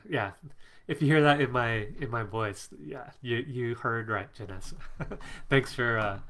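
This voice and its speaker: Middle-aged male host at his home desk, a bit congested; casual, chatty, bright, laughs easily. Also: mid-range voice. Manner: chatty, reads out viewer comments, laughs often. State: congested from allergies. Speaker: psychic coach hosting a live stream. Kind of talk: casual live-stream chat. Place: home office.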